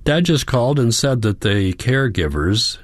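A man's voice: medium pitch, animated, moderate pace, no echo, pitched above the performer's own voice, close to an everyday voice. A man reading the part of a worried, caring young granddaughter in an audiobook, with an earnest, pleading manner.

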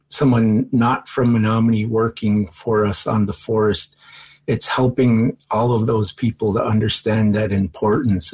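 A man who teaches forestry at a college, answering interview questions in a thoughtful, measured way with frequent ums. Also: fairly low pitch, slightly rough.

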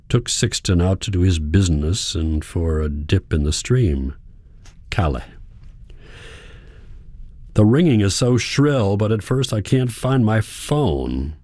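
A man giving a calm, measured first-person audiobook narration. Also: low voice, dry recording, clean studio sound.

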